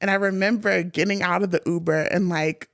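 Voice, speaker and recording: A woman podcast host telling a personal story in an animated, chatty way, full of "like" fillers. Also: lowish voice, fairly quick, no echo, clean studio sound.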